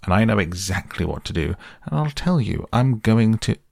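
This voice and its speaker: A man voicing a boastful, excitable male toad in a storybook reading, bragging loudly. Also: low-pitched, no echo, studio quality. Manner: bragging, loud and quick.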